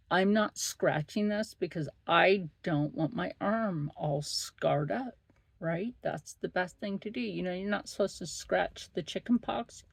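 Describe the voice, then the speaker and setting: A woman's voice: on the low side, vocal fry, a little mellow, no room sound. A middle-aged woman hosting a vlog, chatting bluntly and swearing freely. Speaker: vlog host. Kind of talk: casual chat.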